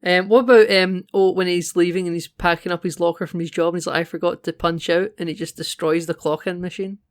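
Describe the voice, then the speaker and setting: A man co-hosting a podcast, chatting casually and animatedly about a film, quick to laugh. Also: sits high, fairly even intonation, clean tone. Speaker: podcast co-host.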